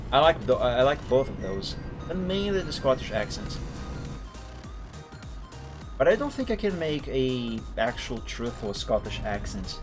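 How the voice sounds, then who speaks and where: Casual man streamer, mid pitch, music playing under him at a home setup. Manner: rambling, self-correcting, chuckling. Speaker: game streamer. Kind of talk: casual gameplay commentary.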